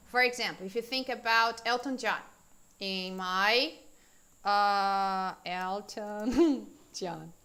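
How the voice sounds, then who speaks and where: Her voice sits in the middle range, bright and forceful, and she talks slowly. She's a Brazilian native Portuguese speaker leading a casual, chatty live English class, peppered with fillers and questions aimed at viewers.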